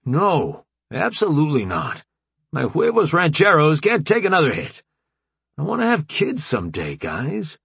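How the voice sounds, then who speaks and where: A large male marine, low and grumbling, quick to protest, as a man reads him. His voice sits deep and husky. The reading is dry and close. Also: expressive, fairly bright tone, dry recording, heavily acted.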